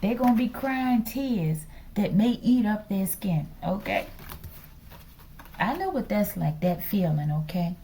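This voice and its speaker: A woman reads tarot cards in a loose, chatty manner, teasing and checking in with a repeated "okay?". Her voice has a gravelly, fry-laden edge and a dark, mellow tone. Now and then she slips into a whisper. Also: mid-range voice, animated, unhurried, a little hiss or hum, rough recording. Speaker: tarot reader. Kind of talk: casual spiritual tarot reading.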